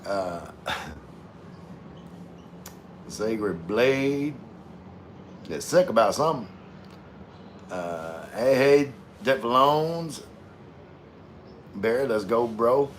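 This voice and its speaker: A man's voice: medium pitch, animated, extremely slow, long pauses, a little hiss or hum. A man hosts a casual livestream, reading chat aloud and wandering off into loose, slangy tangents. His voice sits mid-range, and he has had a few drinks. The pace is easygoing. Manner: laid-back, slangy, rambling.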